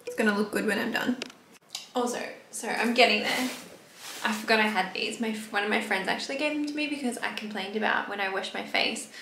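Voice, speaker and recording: Chatting casually to her phone camera at home, this young woman in her twenties sounds confiding and lets the odd swear word slip. She has a fairly high, gravelly voice with a fairly bright tone, and there's slight background noise.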